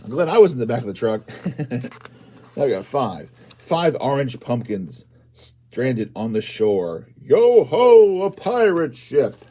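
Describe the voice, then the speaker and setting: A man reads a picture book aloud to young children, stopping often to ask them questions. His voice is warm and a little husky, with lively swings in pitch and sudden loud exclamations. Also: a little slow. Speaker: librarian reading to children. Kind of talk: children's storytime read-aloud.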